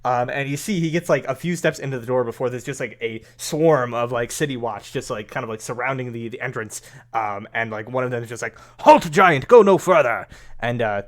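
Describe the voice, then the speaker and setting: A man's voice: mid-range voice, steady tone, fairly quick. A man narrating as game master of a tabletop game, hesitant and full of fillers as he talks.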